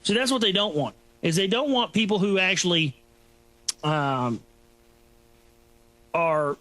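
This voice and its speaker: A man's voice: sits high, expressive, unhurried, sharp tone. A man hosting a talk show, rambling through a sarcastic, mocking solo commentary. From Texas.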